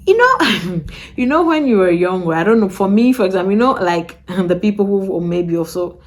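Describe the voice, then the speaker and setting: Woman, vlogger talking to camera, animated, loops back on her points, mid pitch. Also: brisk. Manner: animated, repetitive, acts out quoted voices with laughs. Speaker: vlogger and podcast host. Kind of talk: casual talk to camera.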